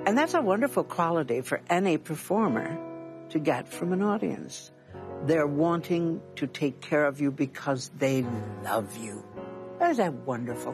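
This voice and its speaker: A woman speaking emphatically and heartfelt in an interview. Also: sits low. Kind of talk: reflective interview.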